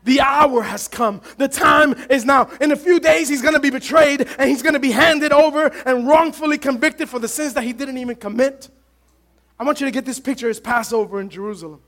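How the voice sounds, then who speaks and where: High-voiced impassioned male pastor preaching. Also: a little fast, fairly bright tone. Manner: impassioned, calls to congregation. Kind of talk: sermon.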